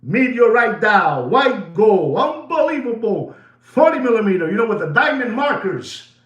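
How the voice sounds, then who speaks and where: A man's voice: high-pitched, big pitch swings, normal speed, a bit bright, reverberant, lo-fi sound. A man hosting a casual watch market update, emphatic and repetitive, swinging his voice up and down for drama.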